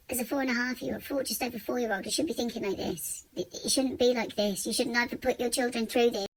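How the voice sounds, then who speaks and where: A woman telling a painful personal story in a vlog, halting and often repeating her words. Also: on the high side, steady tone, slight background noise. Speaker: vlogger.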